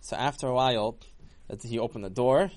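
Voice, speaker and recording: A man telling a story in a casual, talky way, with lively swoops in his voice. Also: fairly quick. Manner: animated, swooping pitch, talky.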